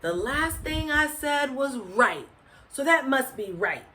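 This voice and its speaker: A woman voicing a cheerful, absent-minded young male bunny who asks puzzled questions in a high squeak. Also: very animated, slow pace, sharp tone, a little hiss or hum, exaggerated voice. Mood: pondering.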